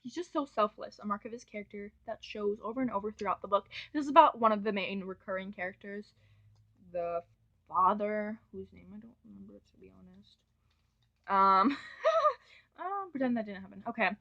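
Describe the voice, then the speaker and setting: A woman's voice: medium pitch, moderate pace, sharp tone. A young woman chatting through a casual book review, gushing and often breaking off to correct herself. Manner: gushing, chatty, self-interrupting. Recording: dull lo-fi home recording.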